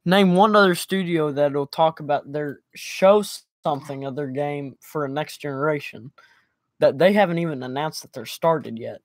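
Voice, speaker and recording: A man co-hosts a live stream, reading out chat questions and cracking jokes, stuttering now and then. His voice sits slightly high. The recording is very dry and close. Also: normal speed, no room sound. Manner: stutters, joking. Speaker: livestream co-host reading chat. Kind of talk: casual live reaction chat.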